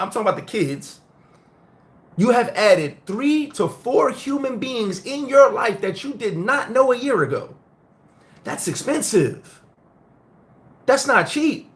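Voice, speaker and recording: This host is a middle-aged man raised in the United States, speaking in a high voice on a relaxed live stream. His storytelling is animated, blunt, and profane.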